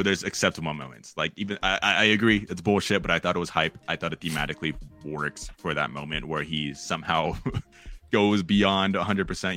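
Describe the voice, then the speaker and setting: Deep voiced guy hosting a podcast, bright edge, rambly and loose. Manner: rambling, lots of fillers and restarts. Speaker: podcast host. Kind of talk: casual chat.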